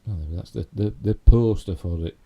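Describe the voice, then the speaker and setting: A man's voice: on the low side, fairly quick, mellow. A middle-aged man with a Yorkshire accent, hosting a casual live stream and rambling chattily with self-mocking asides. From Yorkshire, England. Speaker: YouTube host.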